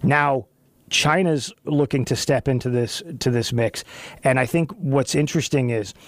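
A man hosting a talk radio show, chatting loosely with a co-host, animated and rambling with frequent restarts. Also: mid-range voice, normal speed, no room sound. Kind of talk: casual talk radio chat. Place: radio studio. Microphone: studio microphone.

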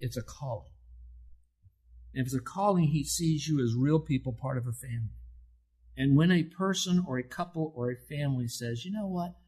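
A middle-aged man delivers a sermon as a pastor, his voice a little husky and worn at the edges. He speaks earnestly and directly to his listeners. When he quotes scripture, his pitch lifts and his voice grows louder. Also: moderate pace, poor audio.

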